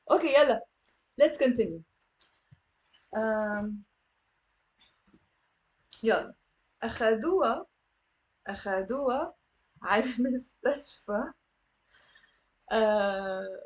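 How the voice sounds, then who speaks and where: A woman with a Lebanese accent teaching a live online Arabic class, lively and encouraging, saying words slowly for her students to repeat. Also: fairly high pitch, low-quality recording. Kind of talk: live online language lesson.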